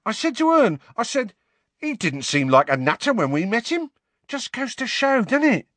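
A man's voice: very high voice, very animated, normal speed, a bit bright, no room sound, pitched above the performer's own voice, heavily acted. A man voicing a pimply, eager young male bus conductor who chatters in slangy, working-class dialect. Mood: gossipy.

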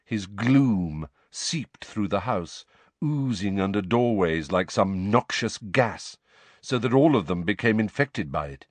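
A man's voice: on the low side, lively intonation, slow pace, no echo. A man reading an audiobook in scripted narration, voicing each character.

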